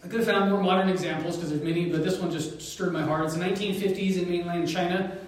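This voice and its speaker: A male pastor preaching a sermon, telling a story with animated asides, chuckles and pauses. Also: high voice, heavy reverb, distant mic, low-quality recording. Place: church sanctuary.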